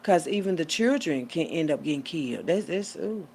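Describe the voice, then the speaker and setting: A woman delivering a profane, preachy rant as a little sermon, swinging between hushed asides and loud outbursts. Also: deep voice, lively intonation, moderate pace, a little hiss or hum. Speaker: vlogger giving a street sermon.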